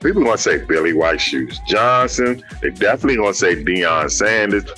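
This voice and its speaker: A man's voice: fairly low pitch, lively intonation, brisk, sharp tone, faint music behind. Emphatic man making a sports argument. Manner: emphatic, informal speech. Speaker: sports talk co-host. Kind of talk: heated sports debate.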